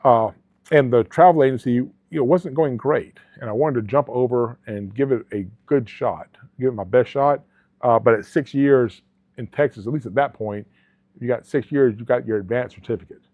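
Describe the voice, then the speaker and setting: Heard over a dry, tinny, phone-like recording without any room sound, a middle-aged man from Alabama shares stories as an interview guest. He is a former police officer and travel agency owner whose mid-range voice moves at a moderate pace, earnest and rambling with lots of restarts in a casual conversation.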